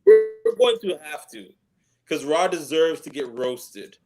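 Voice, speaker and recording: A man co-hosting a casual wrestling podcast, animated and playfully pushing back on the others. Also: on the high side, measured pace, music in the background. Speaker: podcast co-host.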